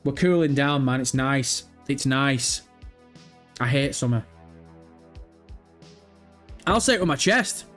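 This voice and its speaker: A man's voice: mid-range voice, lively intonation, slow, pauses often, a bit bright. A young man hosting a gaming livestream, chatting casually, swearing and teasing viewers in chat. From Britain. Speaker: livestream host. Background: faint background music.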